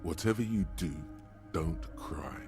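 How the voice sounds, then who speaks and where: An actor voicing an ominous inner voice that narrates a video game character's thoughts, grave, taunting and intimate. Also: male voice, low voice, a little slow, music in the background.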